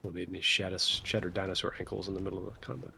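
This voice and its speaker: A man's voice: low voice, racing, vocal fry, slight background noise. A man playing a tabletop game, talking casually and playfully as he calls his moves. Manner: playful, animated when quoting his character.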